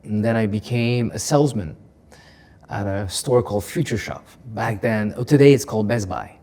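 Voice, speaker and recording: A man with a somewhat low voice speaks as a guest on a podcast. He tells stories with lively energy, doubling back on words and breaking into laughter. His tone is open and emotional throughout the conversation. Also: normal speed. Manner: animated storyteller, repeats words, laughs often. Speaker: comedian guest. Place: podcast studio.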